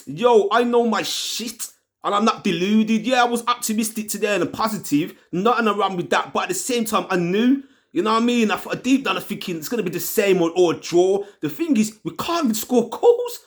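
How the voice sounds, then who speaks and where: A man's voice: sits high, expressive, normal speed. A man hosting a fan channel, ranting in a swearing, slangy, exasperated way about his team. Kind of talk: angry football fan rant.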